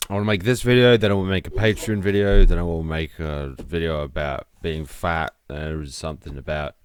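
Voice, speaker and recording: A man's voice: sits low, fairly even intonation, fairly quick, clean tone, no echo. A man streaming late at night, drinking and trading sweary, ironic banter with friends.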